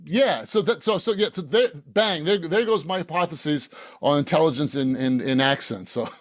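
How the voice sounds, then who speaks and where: A man's voice: on the high side, moderate pace, no room sound, clean studio sound. A man from Boston, the author guest on a casual podcast interview. He rambles, jokes, laughs often and restarts his sentences. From Boston, Massachusetts.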